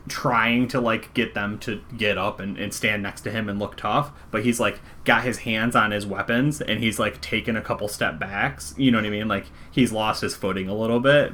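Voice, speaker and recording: A man running a tabletop game as game master. His talk is casual and full of fillers as he describes the scene. His voice is low but bright. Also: a little hiss or hum. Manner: casual, filler-heavy, conversational.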